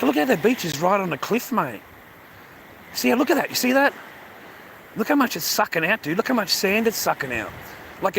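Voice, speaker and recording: A man's voice: high-pitched, fairly bright tone, a little hiss or hum. Blunt, swearing man on a walk. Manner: blunt, swears often, calls viewers mate and bro. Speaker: vlogger. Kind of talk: casual walking vlog monologue. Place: outdoors on a beach walk.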